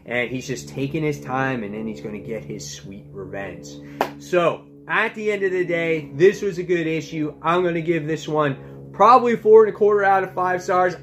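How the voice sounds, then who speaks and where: A man hosting his own comic book review channel, talking in an enthusiastic, chatty way full of fillers. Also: high voice. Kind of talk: casual review vlog.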